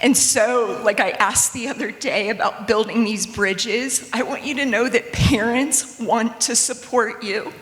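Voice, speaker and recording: A woman with a somewhat high voice speaks with earnest, pleading emotion. She is a parent advocate addressing a conference. The sound carries the long reverb of a big hall. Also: measured pace, hardly any pauses, fairly bright tone. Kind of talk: emotional audience remarks.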